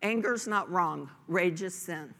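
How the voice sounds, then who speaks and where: A woman's voice: on the low side, takes it slowly, gravelly, fairly bright tone. A woman pastor delivering a sermon, earnest and emphatic, pressing her points with rhetorical questions. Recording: long hall reverb.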